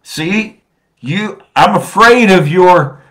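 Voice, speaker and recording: A man with a fairly high voice preaches a sermon. He drops almost to a murmur, then swells loud again, and he draws out key phrases slowly to drive them home. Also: animated. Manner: preaching with sudden swings between soft and loud.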